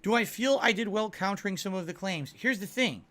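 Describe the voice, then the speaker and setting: Bright high-voiced man chatting to viewers. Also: animated, brisk. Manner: defensive, talks to chat with frequent "right?". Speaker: streamer answering chat. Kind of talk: casual livestream chat.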